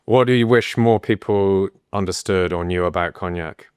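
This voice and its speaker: A man's voice: deep voice, moderate pace, a little mellow, clean tone, dry recording, clean studio sound. A man hosting a podcast, putting short questions and agreeing with his guest. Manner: brief questions and agreeing interjections. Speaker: podcast host. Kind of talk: casual interview chat.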